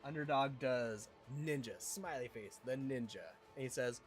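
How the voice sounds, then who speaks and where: Male streamer, mid-pitched, upbeat and affectionate, chatting with viewers over gameplay; faint music underneath. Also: moderate pace, few pauses. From Utah, US. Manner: excitable, affectionate, talks to chat. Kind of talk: casual gameplay livestream chat.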